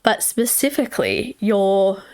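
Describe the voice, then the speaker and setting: A woman's voice: mid-range voice, big pitch swings, measured pace, darkish tone. A woman with an Australian accent co-hosting a podcast in casual, chatty talk, swearing freely and laughing often. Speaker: podcast co-host. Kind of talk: casual chat.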